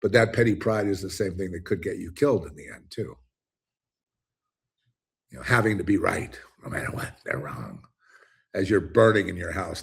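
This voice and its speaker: A man's voice: on the low side, brisk, creaky, slightly rough. A man hosting his own commentary show, ranting alone in an emphatic, rambling way with many restarts. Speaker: commentary host. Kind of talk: ranting solo monologue.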